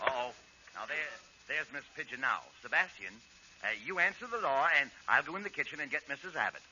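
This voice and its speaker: A man playing the straight man in 1940s radio comedy, brisk, bossy and smooth-talking. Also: a little high, expressive, bright, forceful tone. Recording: dull 1940s radio broadcast, faint hiss.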